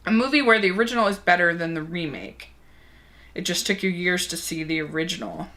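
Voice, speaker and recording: A woman's voice: fairly low pitch, animated, fairly quick, pushed and bright. A young woman reviewing movies, chatting casually and enthusiastically as she answers a movie tag.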